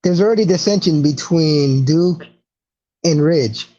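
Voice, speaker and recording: A man's voice: fairly high pitch, measured pace, warm tone. A man co-hosting a podcast, chatting about wrestling in a laid-back, slangy way with some swearing. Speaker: podcast co-host. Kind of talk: casual wrestling chat. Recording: dull lo-fi recording.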